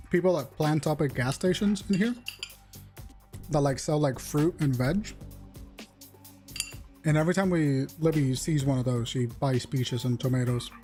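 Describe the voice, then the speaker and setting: A man's voice: on the high side, unhurried, long pauses, a little mellow. A young man with a Puerto Rican accent, a Spanish speaker, chatting casually and self-deprecatingly while streaming a game. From Puerto Rico. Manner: rambling, self-deprecating, joking. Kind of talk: casual gaming stream chat. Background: game music.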